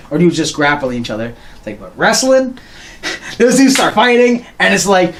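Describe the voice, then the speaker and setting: High-voiced man in lively podcast banter. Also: a little fast, a little hiss or hum. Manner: animated, slangy, acts out voices and laughs often. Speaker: podcast co-host. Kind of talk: casual chat.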